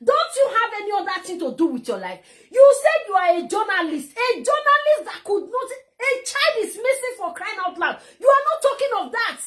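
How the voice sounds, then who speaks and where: Ranting Nigerian woman, very high voice. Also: sing-song, fairly quick, hardly any pauses, a bit bright. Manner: heated, mocking, repeats herself. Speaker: vlogger. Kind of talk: angry ranting vlog.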